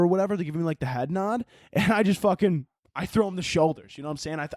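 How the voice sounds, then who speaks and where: A man's voice: fairly high pitch, fast talker, hardly any pauses, a little mellow, no room sound, studio quality. A young man hosting his own podcast, ranting casually with lots of swearing and laughing at his own jokes. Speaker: podcast host. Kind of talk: casual solo rant.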